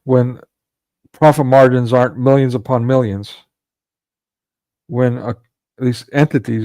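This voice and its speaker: A man's voice: mid-range voice, gravelly, mellow, dry recording. A man delivering a ranting monologue commentary, sarcastic and scornful, breaking into mocking laughs.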